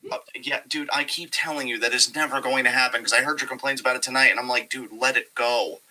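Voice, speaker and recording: A man co-hosting a show in relaxed, chatty talk with many fillers. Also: medium pitch, fast, low-quality recording. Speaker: podcast co-host. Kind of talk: casual chat.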